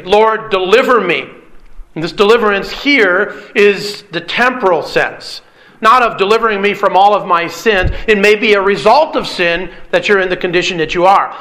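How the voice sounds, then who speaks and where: A man preaching an earnest sermon with a hoarse, strained voice, often clearing his throat and asking rhetorical questions. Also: high voice, sharp tone. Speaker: pastor. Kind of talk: expository sermon.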